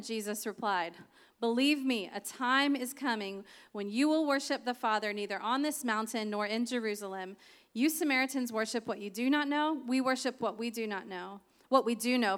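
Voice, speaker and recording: A woman's voice: a little high, fairly bright tone. A woman preaching a sermon, reading scripture aloud with chatty, laughing asides.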